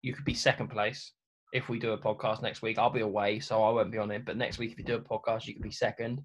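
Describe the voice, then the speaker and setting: A man hosting a casual football podcast, chummy and quick with banter. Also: on the low side, level tone. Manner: chummy, brisk, banter-heavy. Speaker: podcast host. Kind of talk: casual chat.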